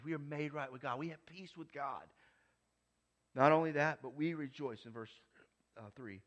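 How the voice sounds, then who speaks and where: A middle-aged man preaching a sermon, moving from soft, hushed lines to loud, emphatic ones. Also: medium pitch. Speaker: pastor.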